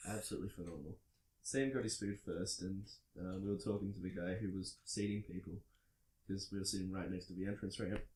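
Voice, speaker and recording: An Australian man hosts a casual podcast chat from a friend's home, telling rambling stories packed with fillers like "like" and "bloody." His deep voice is steady, brisk and darkish in tone. The recording is rough, with an echoey room.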